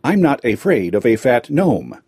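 A man's voice: mid-range voice, very animated, moderate pace, dark tone, husky, no echo, studio quality. A man voicing a fearless clockwork metal man with a jerky, mechanical way of speaking, in a storybook reading. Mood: blunt.

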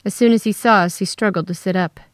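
A woman telling a first-person story in a steady, scripted narration. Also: mid-range voice, fast, dry recording, clean studio sound.

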